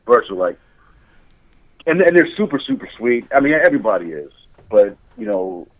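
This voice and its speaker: A man's voice: medium pitch, sing-song, normal speed. A man guest chatting candidly on a podcast, telling stories with frequent laughs. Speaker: guest, motion capture director. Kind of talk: casual podcast chat. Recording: tinny phone-like line.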